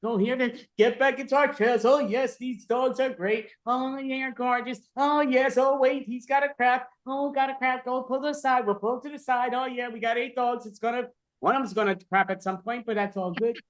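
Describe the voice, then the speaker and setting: A man's voice: very high-pitched, fairly even intonation, moderate pace. Guy playing a cheery sled dog driver, chatty, coos at the pups. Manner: chatty, cooing at dogs.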